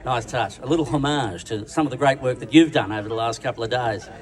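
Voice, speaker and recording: A man's voice: medium pitch, fast talker, slight background noise. An Australian man giving a bawdy, crude, self-mocking roast speech on stage at a dinner, with the crowd laughing along. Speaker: roast speaker. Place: large function room at a dinner event. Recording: distant sound with a loud crowd.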